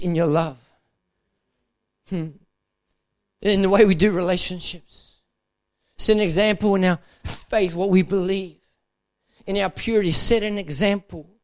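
Male preacher, high voice, fervent and repetitive, sermon delivery. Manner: impassioned, repeats phrases, rises to urgent emphasis. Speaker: pastor. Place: dinner event hall.

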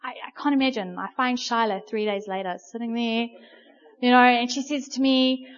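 Muffled, lo-fi audio captures a woman preaching a sermon. She's a chatty, lively storyteller with a fairly high voice who keeps pausing on fillers.

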